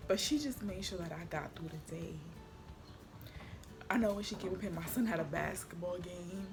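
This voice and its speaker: With music playing in the background, a young woman with a lowish voice vlogs from home at a moderate pace. Her casual chat is slangy and chatty, becoming emotional and sometimes quietly tearful.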